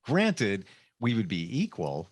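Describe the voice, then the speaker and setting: Upbeat, lively male talk show host. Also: fairly low pitch, slow, no room sound. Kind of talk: radio talk show hosting.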